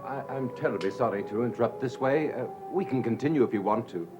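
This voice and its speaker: An actor playing a polite gentleman sitting for a portrait, who coaxes softly. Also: mid-range voice, fast talker, close to an everyday voice. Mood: coaxing. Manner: polite, soft-spoken, coaxing. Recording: dull lo-fi sound with music.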